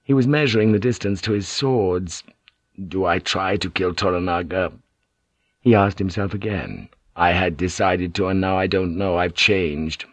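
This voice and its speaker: A man reads a historical novel aloud in a low, even voice. He takes his time over each phrase. The sound is close and dry, with no room around it. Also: moderate pace, no room sound. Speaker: audiobook narrator. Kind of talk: scripted narration of a novel.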